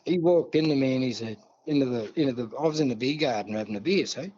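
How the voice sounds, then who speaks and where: A man's voice: medium pitch, fast, mellow, dull audio. A man with an Australian accent, a guest telling a long, rambling story in a casual interview, full of asides.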